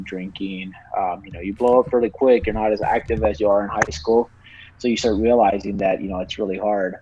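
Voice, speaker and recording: A man's voice: fairly low pitch, darkish tone, breathy edge. A man in his thirties from Texas, a podcast guest telling a long story in casual chat and swearing freely as he rambles along. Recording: dry, slightly dull lo-fi sound.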